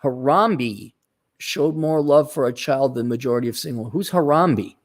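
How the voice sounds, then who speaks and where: A man's voice: medium pitch, expressive, moderate pace. A man hosting a casual livestream, reading out viewer donations and giving blunt, rambling opinions with frequent restarts.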